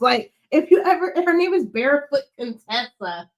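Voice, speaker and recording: A woman's voice: mid-range voice, lively intonation, a little fast, hardly any pauses. A young woman chatting casually, rambling with lots of fillers. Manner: rambling, filler-heavy, giggly. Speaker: co-host. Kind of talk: casual chat.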